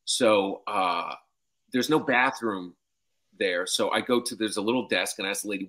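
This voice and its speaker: A man telling a comic story, profane and animated, lacing it with "I'm like" and "she's like". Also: fairly low pitch, normal speed. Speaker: comedian storyteller.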